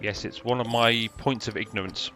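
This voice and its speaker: Dry sarcastic British man, bright voice. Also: fairly low pitch, fairly even intonation, moderate pace, faint music behind. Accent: British English. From Britain. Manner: dry, sarcastic, rambling asides. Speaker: gameplay commentator. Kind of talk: casual gameplay commentary.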